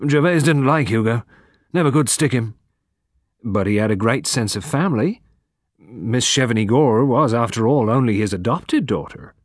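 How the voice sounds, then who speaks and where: A man reading a mystery novel aloud in a measured, even narration. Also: medium pitch, husky, no room sound, studio quality. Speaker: audiobook narrator. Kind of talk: scripted narration.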